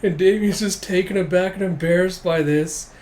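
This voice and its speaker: A man casually reading through a comic aloud, animated and quick to laugh. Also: high-pitched. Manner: animated, laughs often, reads in voices. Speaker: comic reader and reviewer.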